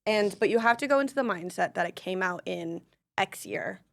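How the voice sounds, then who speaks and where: A woman's voice: mid-range voice, lively intonation, brisk, gravelly, fairly bright tone, no room sound, studio quality. A woman co-hosting a podcast in casual chat, easygoing and dropping wry asides.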